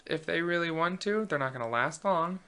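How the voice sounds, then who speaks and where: Gravelly-voiced young man rambling casually. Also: fairly high pitch, brisk. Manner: chatty, many fillers and restarts, animated storytelling. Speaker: host.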